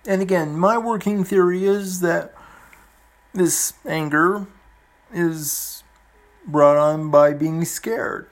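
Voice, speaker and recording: A man in his forties talking earnestly and gently to the camera, halting often and restarting his sentences, with soft emotional laughs. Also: on the high side. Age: 40s. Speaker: vlogger. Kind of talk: heartfelt personal talk to camera.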